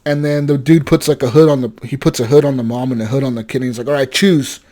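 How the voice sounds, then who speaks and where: A young man co-hosting a gaming podcast, telling a story with animated energy, swearing and acting out the characters' lines. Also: mid-range voice, rapid-fire. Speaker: podcast co-host. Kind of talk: casual gaming chat.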